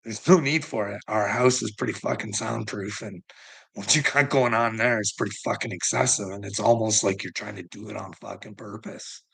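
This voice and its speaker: Gravelly, swearing middle-aged man. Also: lowish voice, fairly even intonation, normal speed, fairly bright tone. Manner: agitated, swears constantly, bitter laughs. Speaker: vlogger. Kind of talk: ranting personal vlog.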